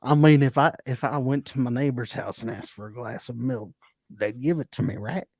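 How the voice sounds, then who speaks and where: A man co-hosting a casual comedic podcast, trading playful banter and deadpan asides. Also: mid-range voice, moderate pace, breathy edge, dry recording, clean studio sound. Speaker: podcast co-host.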